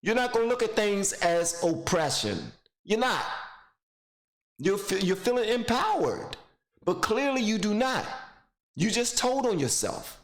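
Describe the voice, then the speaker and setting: A man's voice: sits high, big pitch swings, measured pace, roomy sound. A man giving blunt, mocking casual commentary while reacting to a video clip, rambling into stories.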